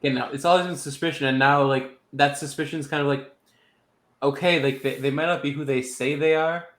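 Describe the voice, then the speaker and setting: A man's voice: a little high, steady tone, fairly quick, a bit bright. A man talking through his character's thoughts in a tabletop game, hedging and rambling. His voice rings with a roomy echo. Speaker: player. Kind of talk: casual chat in character discussion.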